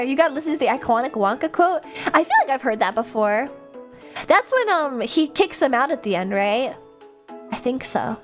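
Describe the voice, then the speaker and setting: A young adult woman chatting casually as a livestreamer, answering viewers' comments in an animated, chatty way with frequent laughter and casual swearing. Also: sits high, normal speed, faint music behind.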